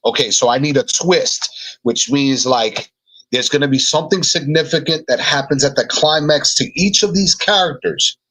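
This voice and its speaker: A man's voice: fairly high pitch, normal speed, a bit bright, low-quality recording. A man co-hosting a podcast, thinking aloud and repeating words as he writes notes in a casual brainstorming chat. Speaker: podcast co-host.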